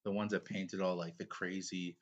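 A man's voice: low-pitched, moderate pace, muffled recording. A man in his thirties co-hosting a casual podcast, rambling and swearing freely. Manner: rambling, profane, animated. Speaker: podcast co-host. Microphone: podcast microphone.

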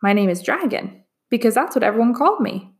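A woman's voice: a little high, lively intonation, fairly quick. A woman voicing an eager, wistful young male dragon in a storybook. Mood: earnest. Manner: earnest, wondering storytelling.

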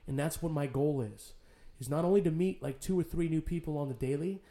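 A man from San Jose, a podcast guest, telling personal stories in casual, animated talk with plenty of swearing. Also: fairly high pitch, fairly quick. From San Jose, California. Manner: animated, swears freely, storytelling. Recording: roomy echo.

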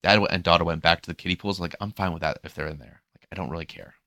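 A low-pitched man rattles through a story at a quick clip, casual and animated. He slips into mimicking the people he describes and swears freely. The sound is dry and close. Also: dry recording. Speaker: podcast host and pool lifeguard.

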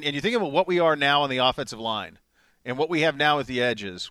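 A man co-hosting a sports talk show, speaking with emphatic, excitable energy and repeating words for stress. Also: medium pitch, dry recording, studio quality. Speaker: sports radio co-host.

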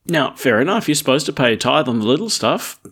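A man's voice: mid-range voice, big pitch swings, fast talker, a bit bright, breathy edge. A man, a priest reading the Gospel and then preaching a chatty, lightly humorous homily.

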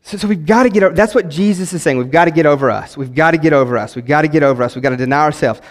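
A man, a pastor preaching a sermon in his church, swinging between loud exhortation and quiet emphasis. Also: a little high, rapid-fire, in a large hall. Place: church sanctuary.

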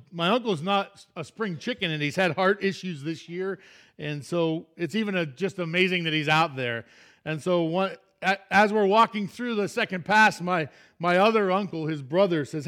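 A middle-aged male pastor giving a sermon, telling a folksy story that keeps surging into excitement. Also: mid-range voice.

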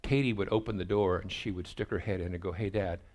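A middle-aged man with a somewhat low voice preaches in a storytelling manner. He acts out the quoted lines from his family life as he goes. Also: quick pace, a little mellow. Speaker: pastor. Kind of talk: sermon storytelling.

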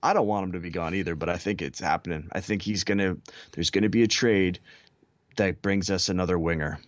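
A man's voice: low voice, brisk, no room sound. A man co-hosting a casual sports podcast, talking bluntly and giving firm opinions. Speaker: podcast co-host.

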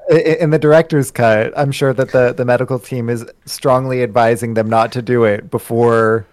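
A man's voice: medium pitch, fairly even intonation, normal speed, a little mellow, dry recording. A man on a podcast adding short comments to a friend's story and laughing along. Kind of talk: casual podcast chat.

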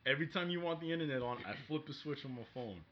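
A man's voice: fairly high pitch, very fast, a little hiss or hum, natural voice. Man doing a brash Bronx bro named Joey. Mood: cocky. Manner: swaggering, says "bro" constantly. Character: brash male Bronx internet-provider guy Joey. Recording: dull lo-fi podcast audio.

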